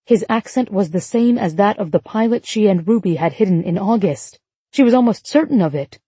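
A woman reading an audiobook in a measured, even storytelling manner on a close studio mic. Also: mid-range voice, slightly rough, dry recording. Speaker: audiobook narrator. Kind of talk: scripted narration.

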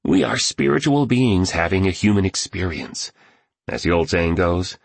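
A man's voice: low-pitched, unhurried, gravelly, no room sound. A man narrating an audiobook in an earnest, emphatic way.

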